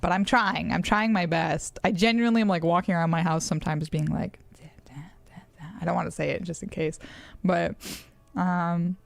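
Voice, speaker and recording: Giggly, gravelly American woman streamer. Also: lowish voice, fairly even intonation, brisk, no room sound. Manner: rambling, giggly, lots of fillers. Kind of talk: casual live-stream chat while gaming.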